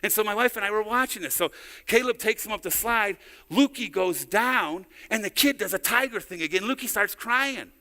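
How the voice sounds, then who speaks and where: In a church sanctuary with long hall reverb, a middle-aged pastor preaches at a moderate pace. His voice sits high, bright and forceful, and he tells stories in a conversational way, repeating words often.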